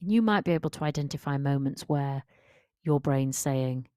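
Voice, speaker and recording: A woman's voice: a bass voice, moderate pace, warm tone, clear, resonant tone, no echo, studio quality. A woman confidence coach talking through a solo podcast episode in an emphatic, direct, conversational way.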